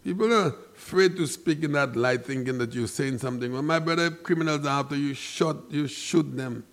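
Speaking with a Saint Lucian accent, a male commentator gives an impassioned, emphatic monologue that turns preachy and rises into loud outbursts. His voice is on the high side and his pace brisk.

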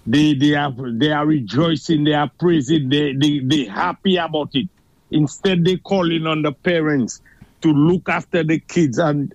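A man's voice: a little high, dry recording, dull audio. A Saint Lucian man calling in to a radio show, rambling and insistent as he argues his point. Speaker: caller. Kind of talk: call-in radio talk.

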